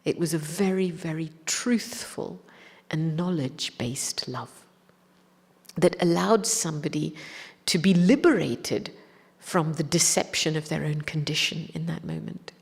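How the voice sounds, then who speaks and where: A female spiritual teacher shares a personal story, taking her time and reflecting as she goes, often dropping into an almost-whisper. Her voice is low and husky, and a long hall reverb follows each phrase.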